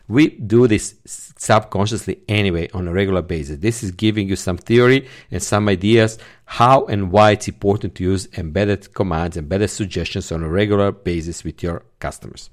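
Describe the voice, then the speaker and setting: A man's voice: deep voice, normal speed, hardly any pauses. A man hosting a solo podcast, teaching sales techniques and stressing key words in his examples. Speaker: podcast host, sales trainer.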